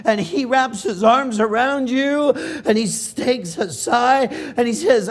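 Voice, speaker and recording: A man from California preaching a sermon, slow and emotional, swinging from loud emphasis to hushed, near-whispered lines. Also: very high-pitched.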